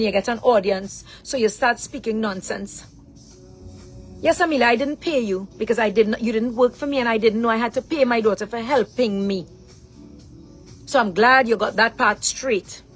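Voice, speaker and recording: A middle-aged woman with a high-pitched voice delivers an angry rant straight to the camera. She talks as a mother laying into her daughter, confrontational and full of rhetorical questions. Faint music sits under her voice. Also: a bit bright, poor audio. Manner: confrontational, keeps asking "huh?" rhetorically.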